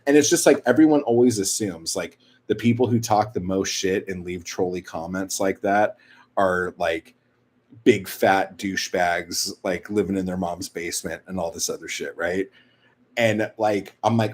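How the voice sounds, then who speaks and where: A young man with a low voice chats casually with his stream viewers at a moderate pace. He rambles and swears, packing his talk with fillers like "like".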